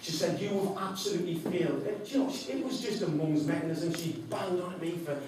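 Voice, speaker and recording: A man with a voice on the high side speaks fairly quickly, sharing a personal story as a motivational speaker before a live audience. He animatedly performs an auctioneer's patter, and the recording, made from far off in an echoey large hall, carries background noise.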